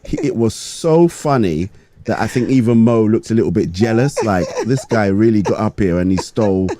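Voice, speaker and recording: A man co-hosting a show, chatting casually in a jokey, animated way. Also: lowish voice, moderate pace, a little hiss or hum. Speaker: co-host. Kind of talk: casual chat.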